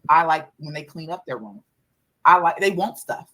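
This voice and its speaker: A woman's voice: sits low, normal speed, pushed and bright, poor audio. A mother telling a story in a casual vlog, exasperated and profane, repeating herself as she vents about her kids.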